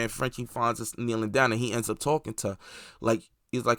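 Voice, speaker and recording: A man's voice: mid-range voice, little pitch movement, quick pace, a bit bright, no echo. A man hosting a movie review channel, casually recapping a series in a loose, rambling way with plenty of swearing and filler words.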